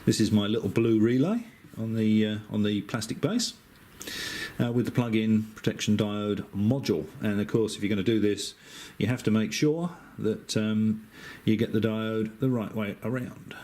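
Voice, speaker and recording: A middle-aged man with an Australian accent, an amateur radio operator, talking through a wiring diagram in a relaxed, chatty way, with frequent hesitations and dry asides. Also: fairly low pitch, normal speed, slight background noise. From Western Australia. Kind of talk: casual technical explanation.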